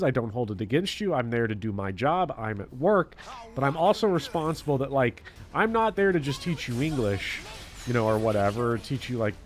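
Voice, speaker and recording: A man who works as a teacher, talking casually to his chat while gaming, blunt and heavily profane in an animated rant. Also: mid-range voice. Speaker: teacher streaming a game.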